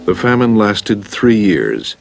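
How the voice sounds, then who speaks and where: A man giving measured, grave scripted documentary narration. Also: fairly low pitch, sing-song, creaky, faint music behind.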